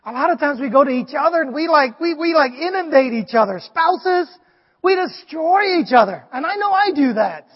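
A male pastor giving an animated sermon, often asking the congregation "Amen?". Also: extremely high pitch, moderate pace. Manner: animated, preachy, asks the crowd "Amen?". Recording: dull, long hall reverb.

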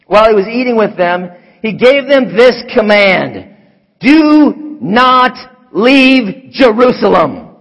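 A man preaching a sermon as pastor, animated, moving from hushed asides to shouts. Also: sits high, slightly rough. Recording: long hall reverb.

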